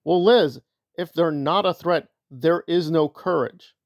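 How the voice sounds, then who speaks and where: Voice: medium pitch, unhurried, dry recording, studio quality. A commentator giving opinion commentary in a sarcastic, argumentative way.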